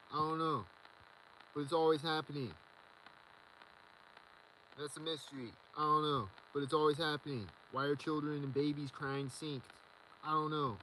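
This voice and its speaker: A man's voice: fairly high pitch, a bit bright, a little hiss or hum, rough recording. A man rambling in a solo video monologue, agitated and repetitive as he rants. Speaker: vlogger.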